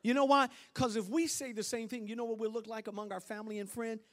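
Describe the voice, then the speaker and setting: A man preaching a sermon as bishop. He swings from hushed asides to shouted peaks and laughs and banters with the congregation. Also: very high voice, steady tone, fast.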